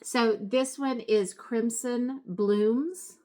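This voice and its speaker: A woman's voice: fairly high pitch, extremely slow, mellow. A middle-aged woman chatting casually at home as she shows off her craft supplies, rambling a little and correcting herself as she goes. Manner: chatty and rambling, with frequent fillers and self-corrections. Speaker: craft vlogger. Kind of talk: casual show-and-tell chat.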